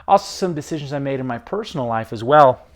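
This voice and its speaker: A man's voice: mid-range voice, expressive, fast. A man talking earnestly and enthusiastically in a casual video diary at home. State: out of breath. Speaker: vlogger.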